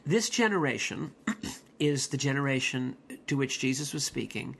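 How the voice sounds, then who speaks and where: Gravelly bright-voiced preacher. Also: male voice, mid-range voice, animated, normal speed. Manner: rambling, digressive, many fillers and restarts; folksy pop-culture asides. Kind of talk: sermon.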